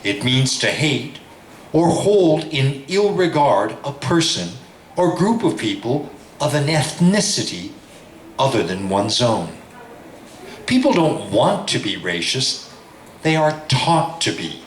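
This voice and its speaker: A man, a professor, reading a text aloud in a lecture in a slow, measured, deliberate way. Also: mid-range voice, very animated, reverberant, slight background noise.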